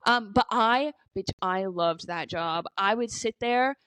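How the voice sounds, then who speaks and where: A woman's voice: medium pitch, a little slow, fairly bright tone, smooth, no room sound. Twenty-something woman rambling through stories on a podcast, lots of likes, casual swearing, dry mic. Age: 20s. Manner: chatty storytelling full of "like" and "you know". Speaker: podcast co-host. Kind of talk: casual chat.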